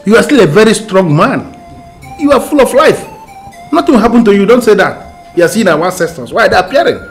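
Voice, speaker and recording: A man's voice: high-pitched, big pitch swings, a little fast, soft background music. An actor with a Nigerian accent playing a brother who insistently urges a sick man to take medicine. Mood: coaxing. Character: pushy younger brother and uncle.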